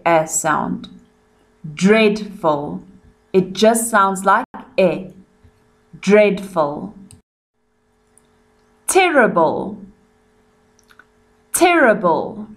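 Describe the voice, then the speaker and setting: A South African woman teaching young children in a recorded lesson. She takes her time over each word and sounds it out clearly and patiently. Her pitch sits at a middle level for a woman. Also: lively intonation, very slow, long pauses.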